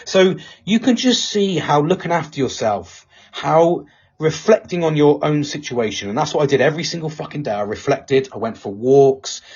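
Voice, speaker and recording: A man's voice: fairly high pitch, lively intonation, moderate pace, darkish tone, breathy edge. A man hosting a live talk show, speaking candidly with lots of swearing and rambling restarts. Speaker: podcast host. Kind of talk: casual chat. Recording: dull lo-fi sound.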